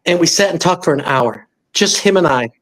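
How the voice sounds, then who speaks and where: A man's voice: on the high side, fairly quick. A middle-aged man from Los Angeles, a guest musician, telling stories in an interview and acting out the voices of the people he quotes. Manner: animated, acts out quoted voices. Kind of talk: storytelling in interview.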